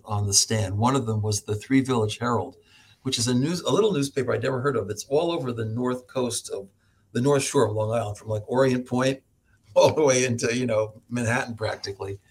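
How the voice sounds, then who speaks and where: A middle-aged American man, a professor, telling stories as a podcast guest, animated, laughing often and acting out other people's voices. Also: mid-range voice, slightly rough. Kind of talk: storytelling in an interview.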